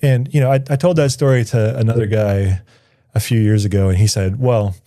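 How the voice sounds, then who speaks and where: A man's voice: fairly low pitch, steady tone, fairly quick, dark tone, no echo. A man, a guest on an interview show, tells a personal story in a studio, thinking aloud and often restarting his sentences. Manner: reflective, searching for words with frequent restarts. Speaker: guest, writer.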